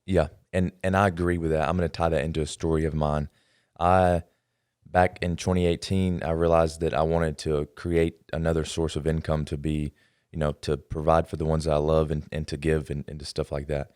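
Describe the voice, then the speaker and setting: Deep-voiced male podcast host. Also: clean tone, no room sound, clean studio sound. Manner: relaxed, measured, many fillers. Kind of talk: casual interview chat.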